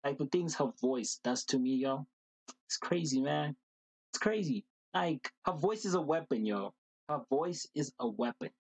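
A man hosting a reaction video, talking casually and excitedly, gushing and repeating slang fillers. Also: fairly high pitch, normal speed, breathy edge, no room sound, rough recording.

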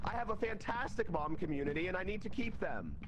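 A man's voice: high-pitched, animated, fast. A man playing a game with friends, earnestly explaining and protesting in casual chat.

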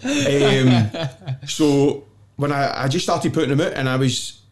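A man's voice: medium pitch, fairly even intonation, moderate pace. A man with a Glaswegian accent, guesting on a podcast and telling stories in a blunt, self-mocking way, swearing freely and laughing often. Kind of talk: casual storytelling chat.

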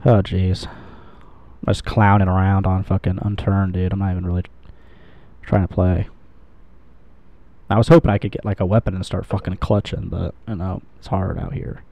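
Low-voiced man rambling over gameplay. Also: level tone, moderate pace, creaky, pauses often, no echo, lo-fi sound. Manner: rambling, sweary, self-mocking. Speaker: gamer, channel host. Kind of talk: casual gameplay commentary.

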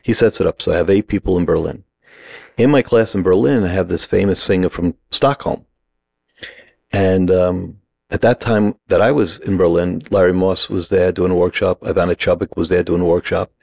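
Low gravelly man telling a story. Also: moderate pace, darkish tone, no room sound, studio quality. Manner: acts out the other people's lines in the story; short punchy sentences. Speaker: acting teacher, podcast guest. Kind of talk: animated storytelling.

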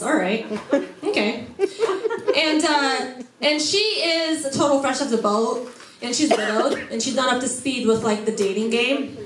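A woman stand-up comedian doing a set on a comedy club stage, brash and profane as she teases the crowd. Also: on the high side. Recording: echoey club with background noise.

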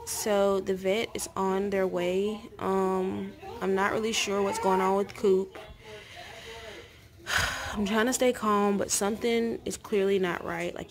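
A young woman and mother vlogging at home to the camera, frank and chatty, peppered with "like" and "y'all". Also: mid-range voice. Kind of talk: casual vlog talk to camera. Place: at home, indoors.

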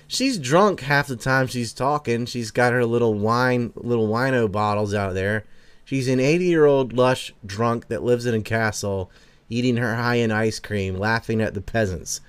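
A man hosts a casual livestream, reading chat messages aloud and answering them with brash, profane sarcasm and the odd chuckle. His mid-pitched voice is smooth and resonant. The sound is dry, with no room echo. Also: expressive, moderate pace, fairly bright tone. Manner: brash, sarcastic, swears freely; chuckles between remarks.

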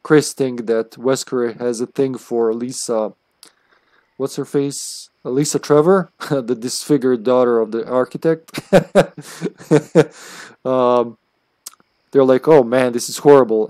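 A man's voice: mid-range voice, dark tone, dry recording, clean studio sound. A man streaming a video game live, chatting casually in a rambling way and chuckling often between thoughts. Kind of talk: casual live-stream chat while playing.

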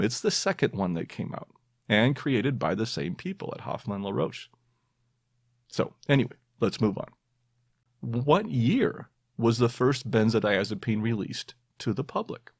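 A man's voice: mid-range voice, animated, unhurried, gravelly, no room sound, studio quality. A man hosting a podcast, quizzing his listeners in a playful, self-mocking way. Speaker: podcast host. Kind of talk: quiz-style podcast monologue.

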